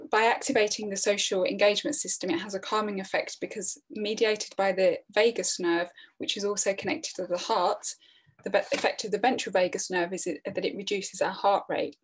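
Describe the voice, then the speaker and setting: A middle-aged woman presenting a training webinar in a calm, earnest way, often restarting her phrases. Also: medium pitch, breathy edge. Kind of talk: online training talk.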